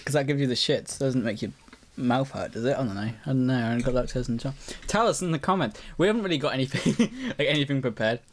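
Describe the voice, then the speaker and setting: A man's voice: medium pitch, lively intonation, quick pace. A young man hosting a podcast, rambling and swearing casually while he eats cookies. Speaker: podcast host. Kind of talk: casual chat.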